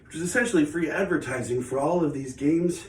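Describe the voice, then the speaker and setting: A breathless man chats in a rambling, self-mocking way while he works out. His voice sits a bit high for a man. It comes from some distance in an echoey home studio. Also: brisk. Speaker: channel host. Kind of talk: casual vlog talk while exercising. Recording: echoey room, away from the mic.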